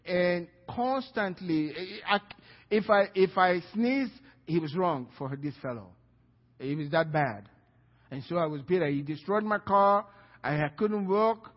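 A man's voice: high-pitched, unhurried, in a large hall, dull audio. A male pastor telling a personal story in a sermon, acting out the dialogue and often repeating his words. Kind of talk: sermon testimony.

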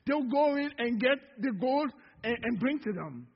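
In a church sanctuary, a male pastor preaches with call-and-response, drawing out words for emphasis. His very high-pitched voice is animated and slightly rough, at normal speed. The sound is dull and lo-fi, echoing through the reverberant hall.

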